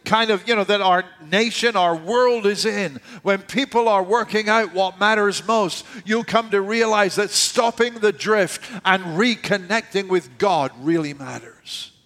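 A man with a high voice preaching a sermon. He talks in a conversational way and often drops low and quiet to land a point. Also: measured pace, few pauses. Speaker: pastor.

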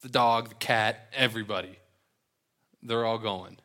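A man's voice: on the low side, fairly even intonation, unhurried, pushed and bright. A young man preaching, reading scripture aloud and breaking into casual, joking asides. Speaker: pastor. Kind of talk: sermon with Bible reading.

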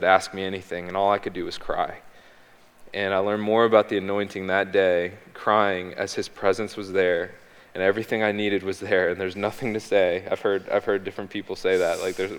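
A man's voice: low voice, little pitch movement, normal speed, clear, resonant tone. A man sharing a personal faith testimony as a guest, hesitant, with frequent ums and restarts, speaking on a stage. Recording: long hall reverb.

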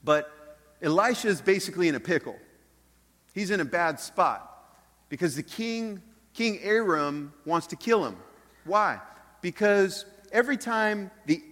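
A man preaching a sermon as pastor, earnest, dropping soft and then rising loud. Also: high voice. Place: church sanctuary. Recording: long hall reverb.

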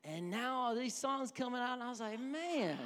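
A man's voice: very high-pitched, expressive, normal speed, noisy background. A man preaching a sermon as pastor, with a conversational, joking manner and bits of mimicry. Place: church sanctuary. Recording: echoey hall.

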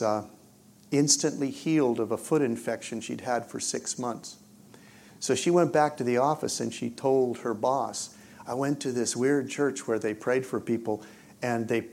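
A man preaching in a church, telling a story in an animated way and swinging from loud excitement to hushed near-whispers. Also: mid-range voice. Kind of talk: storytelling sermon.

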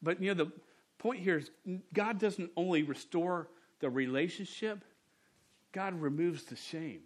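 A man, a pastor preaching a sermon in a church and telling stories in a relaxed, humorous way. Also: sits high, unhurried. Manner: conversational, humorous storytelling. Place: church sanctuary.

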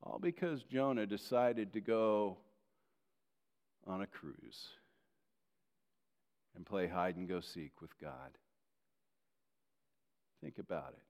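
A pastor giving a sermon and telling a story about himself. He is animated, moving between loud emphasis and quiet asides. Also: low voice, slow, long pauses. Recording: long reverb of a large hall.

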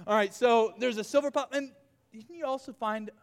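Youth pastor, male, high and bright, animated crowd-work, reverberant hall. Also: moderate pace, creaky. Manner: playful, animated, calling out to a crowd. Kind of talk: energetic youth group lesson with audience game.

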